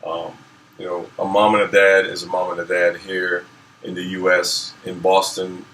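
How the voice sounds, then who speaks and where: Low, flat-voiced man from Saint Croix. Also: moderate pace. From Saint Croix, US Virgin Islands. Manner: reflective, with many fillers and restarts. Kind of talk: casual conversation. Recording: roomy, from some distance, faint noise.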